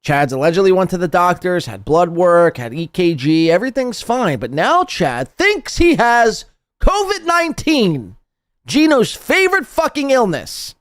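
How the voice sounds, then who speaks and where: A man's voice: high voice, very animated, measured pace, dry recording, clean studio sound. A man hosting a podcast, mocking and sarcastic in casual, profane commentary on clips.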